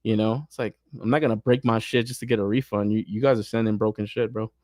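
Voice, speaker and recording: A man's voice: fairly low pitch, fast talker, dry recording. Profane, laid-back man in dry sound. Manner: profane, animated, frequent laughter. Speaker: toy podcast host. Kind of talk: casual chat.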